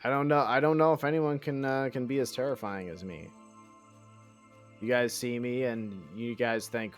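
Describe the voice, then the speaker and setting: With faint music underneath, a man speaks at normal speed in a mid-range voice as he streams a game and chats casually. Expect sarcasm, mock boasting, self-mockery, swearing and plenty of thinking out loud.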